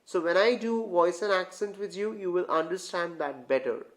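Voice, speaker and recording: Tutor voice for a reading lesson: mid-pitched, talks straight to the learners, repeats phrases, checks in with the viewers often. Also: normal speed. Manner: repeats and restarts phrases while explaining; addresses learners as guys. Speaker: English tutor. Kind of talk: online grammar lesson.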